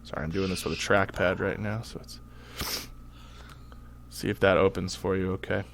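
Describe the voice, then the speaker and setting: A man's voice: sits low, little pitch movement, normal speed, creaky, a bit bright, slight background noise. A young man co-hosting a podcast in casual chat, rambling with many fillers and laughing easily. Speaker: podcast co-host.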